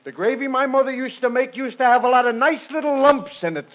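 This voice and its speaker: A man voicing a grumpy, blunt middle-aged husband in a radio joke, flat and grumbling. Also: very high voice, fast. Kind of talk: 1940s radio joke-telling. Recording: tinny old radio broadcast.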